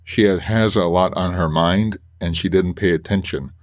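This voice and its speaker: A man hosting a faith podcast, talking earnestly and emotionally with halting restarts. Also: low voice, steady tone. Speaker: podcast host. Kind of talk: personal faith podcast monologue.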